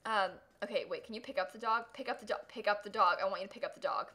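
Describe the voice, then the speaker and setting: A woman's voice: mid-range voice, rapid-fire, pushed and bright. A young woman streaming a life-sim game, chatting casually, gushing and giggling over her pets and thanking viewers. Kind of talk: casual livestream gameplay chat.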